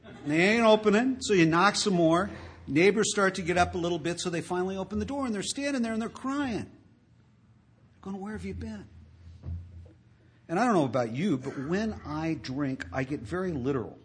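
A man speaking to an audience about his drinking, telling wry stories in a conversational way that swells to loud emphasis. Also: sits high, a little fast, slight background noise. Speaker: recovery speaker. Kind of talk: storytelling talk to an audience.

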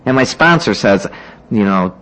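A man's voice: fairly low pitch, expressive, normal speed, fairly bright tone, low-quality recording. A man casually telling his own recovery story to a meeting, rambling with lots of "you know" and "like" and acting out what other people said.

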